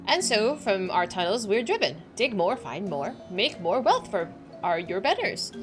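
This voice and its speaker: Woman putting on a groveling kobold, yes yes yes, pleading, lively pitch, faint game music behind. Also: a little slow. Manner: repeats "yes, yes, yes", dramatic and pleading. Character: groveling downtrodden kobold digger, small and pleading. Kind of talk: reading game dialogue aloud.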